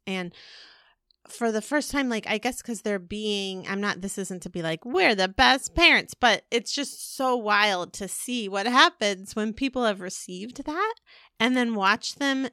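A woman's voice: medium pitch, pushed and bright, clean tone, no echo, studio quality. A woman in her forties co-hosting a podcast, chatting casually and rambling with lots of fillers and restarts. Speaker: podcast co-host. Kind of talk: casual chat.

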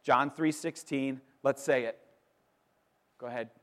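Emphatic pastor preaching in a reverberant hall. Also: male voice, mid-range voice, fairly even intonation, fairly bright tone. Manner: emphatic, with dramatic pauses and repeated words. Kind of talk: sermon. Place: church sanctuary. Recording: long reverb in a large hall.

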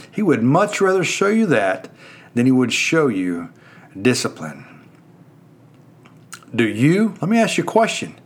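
A male preacher delivering a sermon with a lively, swinging delivery. His voice sits a little above the usual male pitch. He presses his listeners with earnest questions. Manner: earnest, questioning the listeners, rising and falling emphasis.

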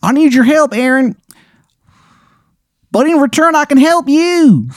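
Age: adult. Sex: man. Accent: put-on Maryland, badly done. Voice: a shrill, grating sleazy stranger. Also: expressive, measured pace, no room sound, studio quality. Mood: wheedling. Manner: wheedling, calls people hun. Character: sleazy trench-coated man with terrible accent. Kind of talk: improvised comedic storytelling.

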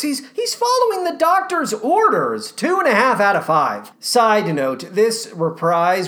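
A woman hosting a podcast, giving casual, sarcastic commentary on cast recordings. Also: lowish voice. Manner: sarcastic, exasperated asides. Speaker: podcast host.

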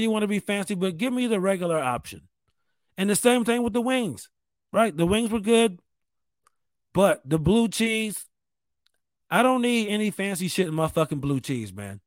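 A high-voiced man from New York State hosts a show, delivering a rambling, profane, self-mocking casual monologue as a podcast host. There is no room sound.

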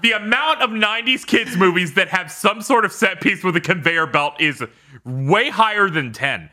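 Brief: high, very bright, hugely expressive male co-host, quick excited reactions. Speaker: podcast co-host. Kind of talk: casual chat.

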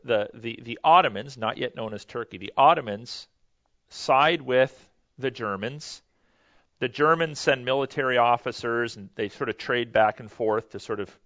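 Male teacher, mid-pitched, relaxed and self-correcting, close dry mic. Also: a little slow, no room sound, dull audio. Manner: conversational, loose, self-correcting, many fillers. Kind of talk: history lecture to a class.

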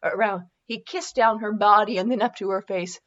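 A woman's voice: medium pitch, moderate pace, fairly bright tone, lo-fi sound. A woman podcast host reading fan fiction aloud for comedy, breaking off into giggles and self-mocking asides.

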